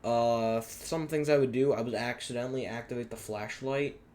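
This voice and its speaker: A man's voice: mid-range voice, steady tone, moderate pace, noisy background. A man giving a rambling, self-deprecating director's commentary on his own fan series, often unsure of himself.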